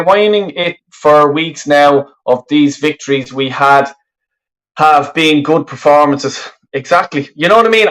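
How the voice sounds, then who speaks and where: Furious swearing football fan. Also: male voice, fairly high pitch, poor audio. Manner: furious, swearing heavily, rambling. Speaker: fan channel host. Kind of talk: angry live fan reaction stream. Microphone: webcam.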